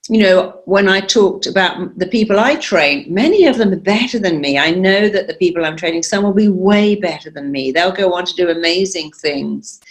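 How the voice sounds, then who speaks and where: A woman's voice: lowish voice, normal speed, hardly any pauses. A middle-aged woman therapist being interviewed, telling stories with an emphatic, confident manner. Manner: emphatic, confident, animated retelling. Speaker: therapist and guest. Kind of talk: conversational interview storytelling.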